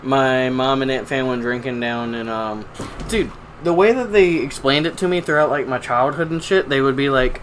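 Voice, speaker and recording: A man's voice: mid-range voice, moderate pace, a bit bright, a little hiss or hum. A young man co-hosting a casual podcast, joking crudely and swearing freely as he tells stories. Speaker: podcast co-host.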